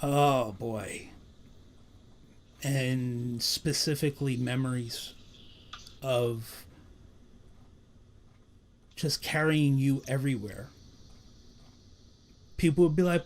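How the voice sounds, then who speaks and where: A man's voice: mid-range voice, takes it slowly, long pauses. Casting note: male psychic medium on a live stream, earnest and repetitive, mid-range voice that lifts when relaying messages. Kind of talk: live-stream spirit reading.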